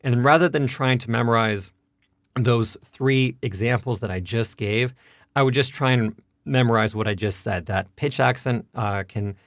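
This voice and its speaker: Guy explaining pronunciation patiently, dry close sound, repeats words slow. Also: mid-range voice, a bit bright, dry recording. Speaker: language teacher. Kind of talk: explanatory lesson.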